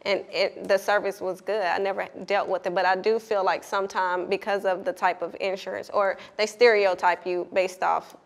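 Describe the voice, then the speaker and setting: A woman's voice: mid-range voice, flat delivery, moderate pace, vocal fry, hardly any pauses. A woman guest on a candid panel talk, speaking in a thoughtful, questioning way.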